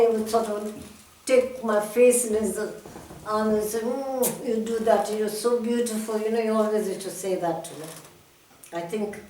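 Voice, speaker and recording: Older lady telling old stories at a talk, mic far away, lots of room echo, faint hum behind. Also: mid-range voice. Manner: reminiscing, emotional, animated quoting of others. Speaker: guest speaker. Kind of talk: personal storytelling talk. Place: meeting hall.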